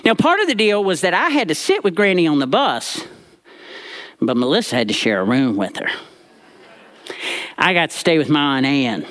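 Animated man telling a personal story. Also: a little high. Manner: animated, comic timing with drawn-out pauses.

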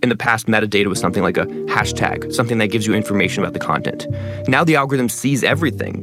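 A man speaking as an interview guest, talking fast and stressing many words. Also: fairly low pitch, over music. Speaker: guest, content creator. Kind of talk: interview conversation.

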